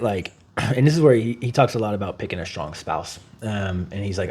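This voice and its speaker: A man co-hosting a podcast, chatting casually, swearing freely and acting out quotes in an animated way. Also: fairly low pitch, brisk, breathy edge. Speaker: podcast co-host.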